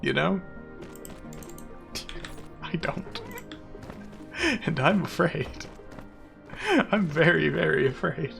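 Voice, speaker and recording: Guy streaming a game, bright gravelly voice, goofy and braggy, laughs a lot, faint music behind. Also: fairly high pitch, slow, pauses often. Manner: playful, mock-boastful, laughs often. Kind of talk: casual live-stream commentary while playing.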